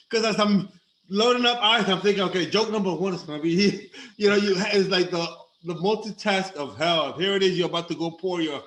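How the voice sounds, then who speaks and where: A man in a casual chat, emotional and quick to laugh. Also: high-pitched, fairly bright tone. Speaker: host. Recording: echoey room with faint ambience.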